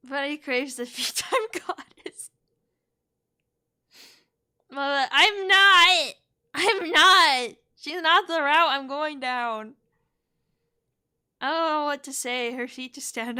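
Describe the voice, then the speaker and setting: A woman's voice: sits high, slow pace, long pauses, bright, forceful tone, clean tone. A woman streaming a game live, chatting and giggling as she reacts to chat.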